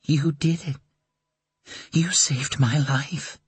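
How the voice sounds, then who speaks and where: A man reading an audiobook, voicing a battered, loving mother who speaks softly and soothingly. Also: a little high, steady tone, drawn-out words, husky, no room sound, voice pushed up, full character voice. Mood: tender. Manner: soft, pleading then soothing. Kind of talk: audiobook character voice.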